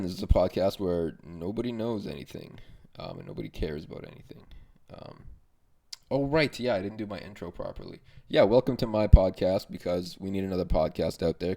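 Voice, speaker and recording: Young guy doing a solo podcast, kinda low and gravelly, swears a lot and rambles. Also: warm tone. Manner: profane, rambling, self-mocking. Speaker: podcast host.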